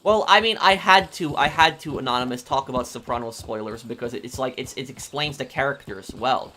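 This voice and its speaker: A man streaming a game, chatting casually and answering super chats in a halting, opinionated, rambling way. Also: medium pitch, sharp tone, a little hiss or hum. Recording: game sounds with horses behind.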